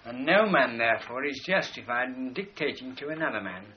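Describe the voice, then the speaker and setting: A man's voice: medium pitch, animated, brisk. A man giving a rambling philosophical lecture, pointing to drawings as he explains. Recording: dull lo-fi recording with faint hiss.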